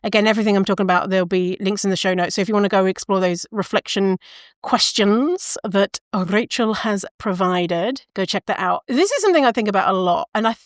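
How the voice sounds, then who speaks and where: A woman's voice: medium pitch, fairly quick, no room sound. Woman chatting on her podcast, goes off on tangents, dry close sound. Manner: rambling, tangents, self-interrupting, swears. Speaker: podcast host. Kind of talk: casual solo podcast monologue.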